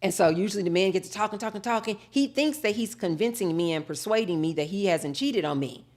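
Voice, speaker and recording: A woman's voice: medium pitch, animated, fast, a little mellow. A woman hosting a live talk show, telling her dating stories and acting out both sides of each conversation. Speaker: host.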